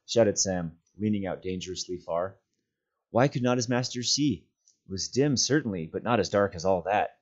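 Low-voiced man reading a story aloud. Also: expressive, normal speed. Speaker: volunteer reader. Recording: dull lo-fi sound.

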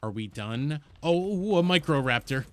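A man streaming a game live while high, giving excitable, rambling commentary, swearing and talking to the creatures and his chat. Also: a little slow, slight background noise.

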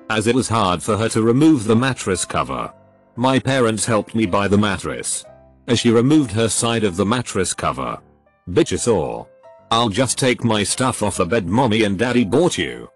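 A low-pitched man narrates reader stories in a scripted read, yet his pitch swings widely from line to line. He speaks the punctuation marks aloud in a flat delivery. Faint music plays underneath. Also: husky. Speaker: narrator reading posts aloud.

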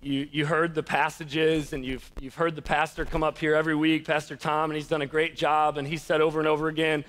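A young man preaching a conversational sermon, telling stories with a self-deprecating, laughing, animated delivery. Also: a little high, a little fast, few pauses. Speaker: pastor.

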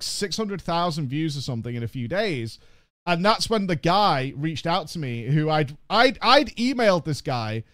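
A man streaming and reacting to a video, telling a story in a casual, animated way, with frequent restarts and swearing. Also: on the high side, no echo. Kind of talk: casual live-stream chat.

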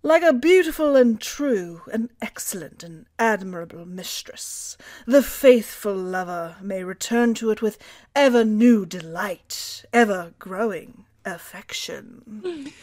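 A woman's voice: mid-range voice, expressive, slow, a little mellow. A woman putting on a prim British voice to recite old romantic prose with mock-genteel flair, as a podcast bit. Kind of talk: podcast reading aloud.

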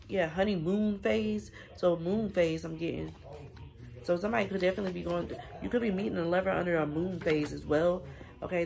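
A woman's voice: fairly low pitch, vocal fry, darkish tone. A woman giving a casual spiritual reading, chatty and affirming, speaking straight to her viewers. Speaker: tarot reader.

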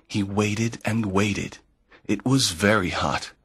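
A man narrating a folk tale slowly and clearly for language learners, in a measured storytelling manner. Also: on the low side, noisy background. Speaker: narrator of a graded reader. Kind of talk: slow scripted narration for learners.

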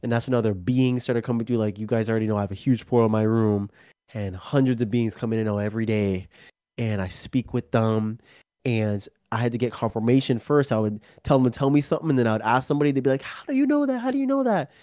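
A man's voice: on the low side, steady tone, quick pace, mellow, no room sound, studio quality. A man talking casually as a podcast guest, rambling and acting out his own quoted remarks in a small room. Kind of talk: casual interview talk.

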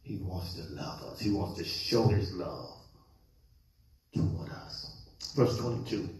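A man's voice: low-pitched, lively intonation, slow pace, darkish tone. A male pastor preaching a sermon, questioning his congregation and waiting for answers. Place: church sanctuary. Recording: echoey church hall.

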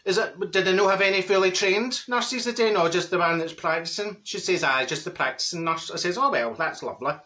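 In a broad Glaswegian accent, a man plays a brash, gossiping older Glasgow woman, chattering fairly quickly with few pauses. The voice sits high, bright and cutting, as she cackles and mimics her neighbours in a comic character monologue.

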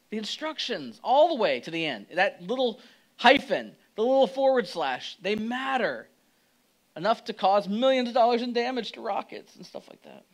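Male pastor preaching in a high, conversational, lively way. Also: poor audio. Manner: conversational, animated, acts out quotes. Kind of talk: sermon.

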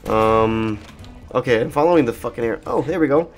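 A man's voice: mid-range voice, fairly quick. Give me an adult man casually commenting on a video game, wandering off into long anecdotes full of swearing and self-deprecating jokes. His voice sits in a middle register and he talks loosely, with restarts and asides. Faint game music plays underneath. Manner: meandering, profane, jokey storytelling. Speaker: let's play host. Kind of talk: rambling gaming commentary.

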